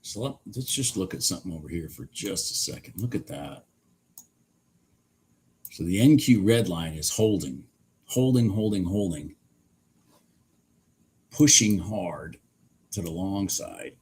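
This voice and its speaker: Husky, exasperated man trading live. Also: sits low, expressive, measured pace, long pauses, darkish tone. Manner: exasperated, swears, talks at the chart. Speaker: livestream day trader.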